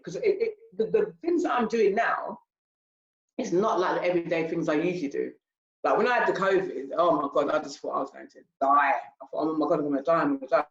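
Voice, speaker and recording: An older woman, a charity founder talking in an interview, animated and repetitive. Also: lowish voice. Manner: animated, repetitive, acts out her own past speech. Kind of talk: interview talk. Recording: roomy, slightly dull sound.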